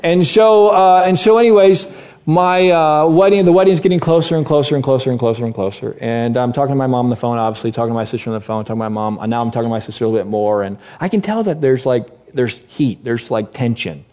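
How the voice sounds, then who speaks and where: A man in his late thirties, an animated preacher telling a personal story to a congregation and swinging from loud to hushed. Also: mid-range voice, fast.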